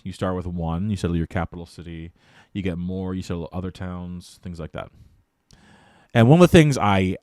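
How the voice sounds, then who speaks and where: A man's voice: low voice, darkish tone, dry recording, clean studio sound. A male streamer chatting casually on a live stream and ranting animatedly, with plenty of swearing.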